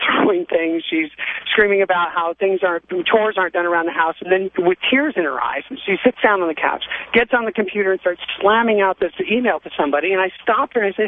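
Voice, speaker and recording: A man's voice: sits high, no echo. A man calling in to a radio show, telling a long story with many ums and restarts over a phone line. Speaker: caller. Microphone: telephone.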